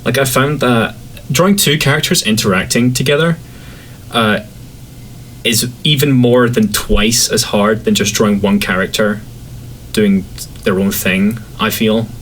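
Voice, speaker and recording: A man from Scotland with a light Scottish accent, chatting casually as a podcast guest in a relaxed, rambling way. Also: a little slow, slight background noise, rough recording. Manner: relaxed, rambling, acts out quotes in a higher voice.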